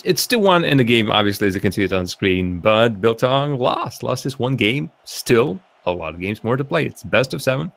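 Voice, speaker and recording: Gravelly-voiced man casting a car-soccer match. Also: mid-range voice, moderate pace, hardly any pauses. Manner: chatty, laughs often, excitable on plays. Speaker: esports caster. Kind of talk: live game commentary.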